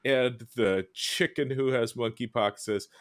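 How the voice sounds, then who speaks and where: A man hosts a relaxed panel, walking through drawings and reading out what each character says. His voice sits in the middle range and is recorded dry and close, with no room sound. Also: mid-range voice, measured pace, no echo. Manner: describes cartoons aloud, quoting characters with little voices. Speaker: host. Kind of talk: casual panel chat.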